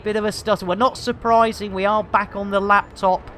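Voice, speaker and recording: A man's voice: high-pitched, level tone, fairly quick, fairly bright tone, a little hiss or hum. A man giving rambling, jokey live commentary while streaming a video game. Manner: jokey, rambling, cheeky innuendo, frequent laughter.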